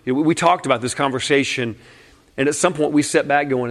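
A man's voice: a little high, quick pace. A man preaching a conversational sermon in a candid, casual way, often saying "man" and breaking into short laughs. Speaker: pastor.

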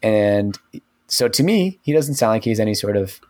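A man's voice: fairly low pitch, animated, normal speed, a little mellow. Rambling male podcast co-host. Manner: rambling, filler-heavy recommending. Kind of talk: casual podcast chat. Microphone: studio microphone.

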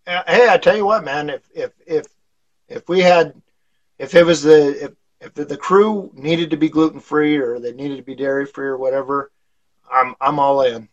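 A man's voice: fairly high pitch, moderate pace, dull audio. A man being interviewed on a casual podcast, telling stories in a rambling way with lots of fillers and chuckles. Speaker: podcast guest, fire instructor.

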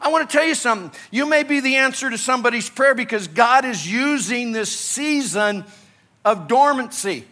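A male pastor from Illinois, preaching an animated sermon that swings between loud urgency and quiet, hushed moments. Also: extremely high pitch, normal speed.

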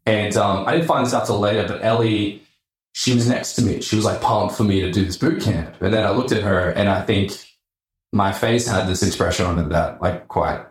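An Australian entrepreneur, a guest on a podcast, tells his story casually and with lots of animation in a low voice at a moderate pace. He swears freely and acts out what other people said, and the room he's in is echoey.

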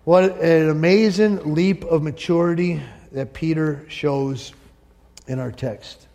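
A man preaching a sermon as pastor, swinging from loud emphatic peaks to soft asides. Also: fairly high pitch, slow pace. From northern United States.

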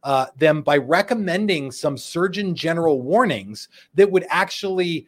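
A man's voice: fairly high pitch, lively intonation, moderate pace. A man hosting a live cigar show, joking and bantering playfully with his co-hosts and viewers. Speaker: podcast host.

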